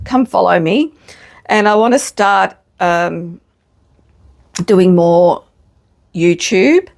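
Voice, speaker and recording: A woman's voice: medium pitch, gravelly, a little mellow. A middle-aged woman, chatting casually to camera in a frank, self-mocking way and swearing freely. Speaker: vlogger. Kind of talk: casual chat.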